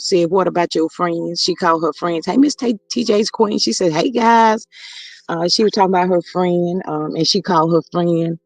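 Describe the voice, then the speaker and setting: High-voiced man gossiping on a livestream. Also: dry recording. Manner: chatty, reads viewer comments aloud, drawling asides to chat. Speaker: livestream host. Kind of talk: casual gossip commentary livestream.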